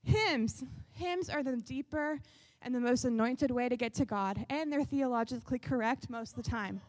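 A woman worship leader doing a sarcastic comedic sketch, animated and breaking into shouts and sung snippets. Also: on the high side, moderate pace, no room sound.

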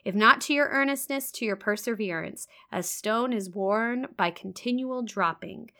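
A woman reading aloud who voices a reserved, stern young male clergyman in formal, measured old-fashioned speech. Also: a little high, sharp tone. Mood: yielding. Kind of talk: reading a classic novel aloud.

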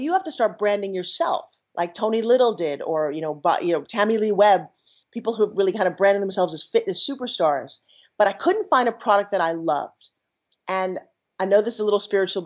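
A middle-aged woman, an entrepreneur and TV pitchwoman, telling her story with high energy and enthusiasm in a podcast interview. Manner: energetic, enthusiastic, jumps into quoted voices.

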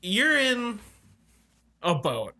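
A man's voice: high voice, wildly swooping pitch, bright, forceful tone, no room sound. Laughing playful man, dry sound. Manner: playful, quick laughs, mock comforting. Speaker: podcast co-host. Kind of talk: comedic podcast banter.

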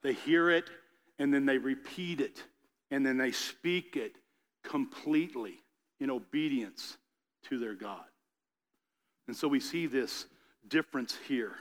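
A man preaching a sermon, reading scripture and then retelling the story in a casual, animated way with little character voices. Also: medium pitch, measured pace, long pauses, long reverb tail. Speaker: pastor.

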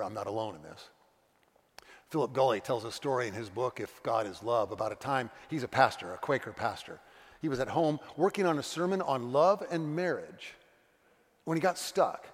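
Middle-aged male pastor, mid-pitched, earnest confessional sermon delivery, long church reverb. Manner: earnest, confessional storytelling with acted quotes. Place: church sanctuary.

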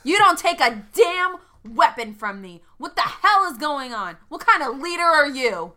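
A woman's voice: high voice, very animated, normal speed, pushed and bright, voice pushed up, exaggerated voice. A woman voicing her young female character in a tabletop game, an earnest leader who apologizes and then confronts. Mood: angry.

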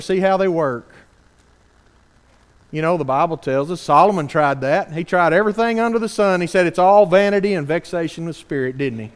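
Preaching a sermon a little fast, a man speaks in a drawl with a fairly high voice and a clean tone. He is earnest and animated, repeatedly putting pointed rhetorical questions to his audience.

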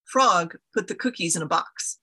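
Congregation leader, woman, bright but breathy voice, gentle storytelling. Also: on the low side, expressive, normal speed. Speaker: interim leader of an ethical society. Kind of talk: reading a children's story aloud.

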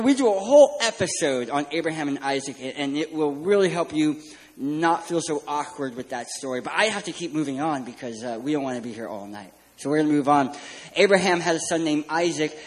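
A man preaching a sermon as a pastor, joking and animated as he tells stories. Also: fairly high pitch, low-quality recording. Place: church stage.

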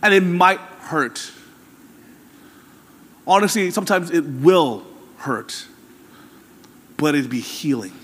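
Pastor, male, high-pitched, casual but building sermon, long reverb. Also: lively intonation, slow, long pauses, fairly bright tone, slightly rough. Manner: conversational, candid preaching with rising emphasis.

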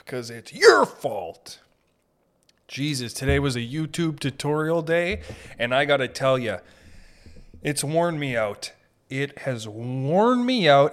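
A man with a Boston accent rants his way through an unscripted solo podcast. He swears constantly and breaks into loose comedic tangents, with a voice of middling pitch. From Boston area. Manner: crude, ranting, lots of swearing and laughing asides. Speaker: podcast host. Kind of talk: unscripted profane comedic monologue.

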